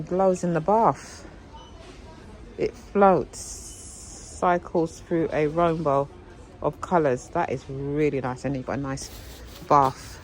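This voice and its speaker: In this low-quality recording, a woman with a deep voice chats away to viewers, exclaiming over her finds as she shops indoors. She is a vlogger making a casual shopping video, talkative throughout, and a slight hiss or hum runs under the audio.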